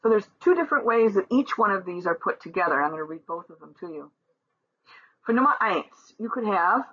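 A woman teaches from a textbook, reading German example sentences slowly and clearly before explaining them. Her voice is bright with a husky edge. The recording sounds dull and lo-fi. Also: mid-range voice, expressive.

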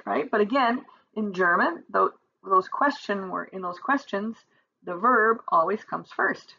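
A woman's voice: mid-range voice, animated, measured pace, vocal fry, sharp tone, dull audio. A woman teaching a German grammar lesson from a textbook, reading example sentences aloud and explaining them step by step.

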